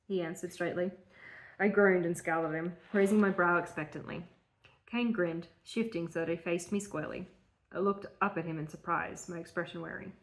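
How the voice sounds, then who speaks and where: A woman co-hosting a podcast, reading her own old story aloud and breaking off for quick asides. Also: fairly low pitch, rough recording. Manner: reads with quick asides and laughter. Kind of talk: casual chat and reading aloud.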